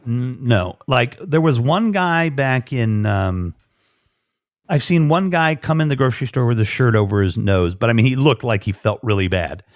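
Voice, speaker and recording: A man's voice: mid-range voice, animated, normal speed, dry recording. A man hosting a live stream, chatting casually and rambling with lots of fillers and restarts. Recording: dull lo-fi stream audio.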